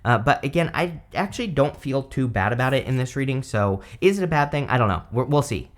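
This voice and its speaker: A man's voice: mid-range voice, animated, a little fast. A man giving a casual tarot reading, talking loosely with many fillers and self-corrections. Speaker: tarot reader.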